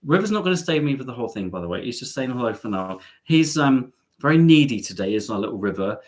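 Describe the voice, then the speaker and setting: Man, live-stream host, camp and teasing, very lively pitch. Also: fast talker. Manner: camp, playful, teasing the audience. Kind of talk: chatty live-stream monologue.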